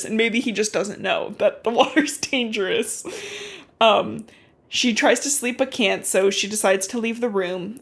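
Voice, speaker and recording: A woman hosting a podcast, recapping a book in casual, animated storytelling full of swearing and "like"s. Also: medium pitch, normal speed. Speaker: podcast host.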